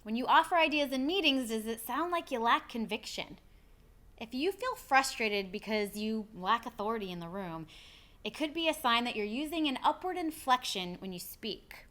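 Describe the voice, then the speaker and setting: A woman, an executive speaker coach, giving a clear, deliberate lesson on how to speak with confidence. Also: fairly high pitch, pushed and bright. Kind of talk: instructional video presentation.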